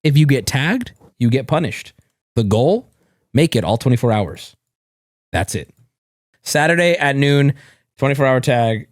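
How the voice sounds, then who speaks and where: A man's voice: mid-range voice, sing-song, measured pace, pauses often, no echo, clean studio sound. Man hamming up a trailer voice. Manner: hammy announcer delivery, shouting and stretching words; joking, profane. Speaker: streamer. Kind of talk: live stream chat, rehearsing trailer voice-over.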